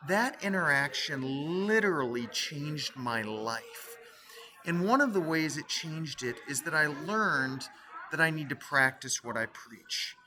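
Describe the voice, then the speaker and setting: A middle-aged man lectures on theology with a bright, forceful voice. He tells a personal story with animation and keeps turning to his students with questions. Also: on the high side. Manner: animated, asks the listeners questions. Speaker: theology teacher.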